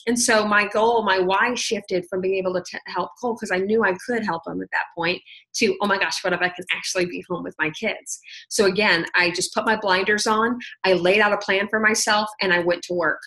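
Chatty woman with a bright voice. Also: medium pitch, steady tone, a little fast, poor audio. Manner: chatty storytelling, full of "like" and "oh my gosh". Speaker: sales team leader sharing her story on a team call. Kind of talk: personal testimony on a conference call.

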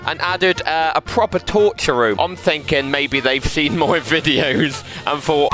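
A man's voice: on the high side, normal speed, hardly any pauses. A man narrating VR gameplay, bantering in a brash, laddish way with mock-gangster threats. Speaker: gaming channel host. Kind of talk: playful VR gameplay commentary. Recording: gameplay audio with loud music.

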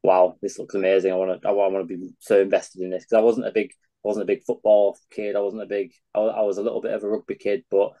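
A man's voice: on the low side, little pitch movement, fast talker, dark tone, muffled recording. A young Yorkshire man in his twenties, a charity founder talking earnestly as an interview guest. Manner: earnest, enthusiastic reminiscing. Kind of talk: casual interview chat.

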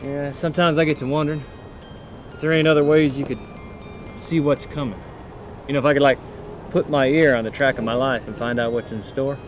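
A man's voice: medium pitch, fairly even intonation, a little fast, long pauses, slight background noise, natural voice. A man playing a drawling, wistful outlaw waiting by train tracks in a western parody. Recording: distant voice under loud music.

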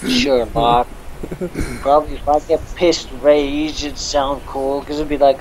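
A man chatting on a voice call at an unhurried pace, crude and joking. He keeps toying with his own voice, making it crack and dropping it low for laughs. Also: level tone, noisy background. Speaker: caller. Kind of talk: casual voice-call banter.

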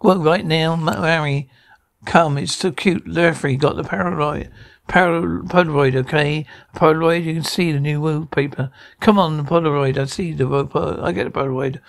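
A man's voice: fairly high pitch, steady tone, moderate pace, gravelly. A man acting out every part of a sitcom scene alone, in a bickering, flustered comic delivery full of stammers and restarts.

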